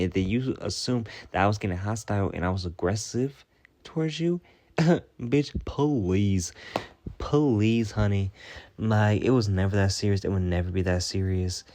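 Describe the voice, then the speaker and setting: A man's voice: fairly low pitch, darkish tone. A man ranting through a storytime vlog, profane and exasperated, firing off rhetorical questions. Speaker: storytime vlogger. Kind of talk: casual storytime rant.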